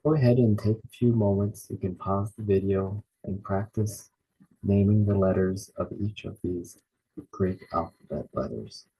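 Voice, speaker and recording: A man teaching a lesson, saying each word slowly and repeating it with care. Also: low-pitched, dark tone, slightly rough, poor audio. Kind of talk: slow spoken lesson naming Greek letters.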